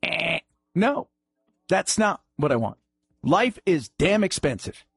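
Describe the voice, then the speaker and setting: Animated sarcastic male talk radio host. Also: fairly high pitch, slow, gravelly, slightly rough, no room sound.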